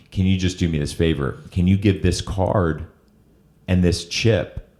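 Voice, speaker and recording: A man with a very deep voice, middle-aged, telling a personal recovery story to his guest. He talks earnestly and gets emotional, and his low voice stays steady under it. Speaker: host. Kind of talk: interview storytelling.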